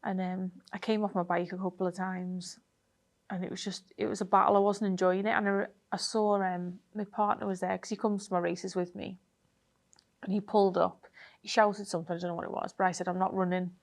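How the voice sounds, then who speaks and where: A woman, a triathlete guest telling a race story in a chatty, animated way full of fillers. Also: mid-range voice, fairly quick. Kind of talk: casual interview storytelling.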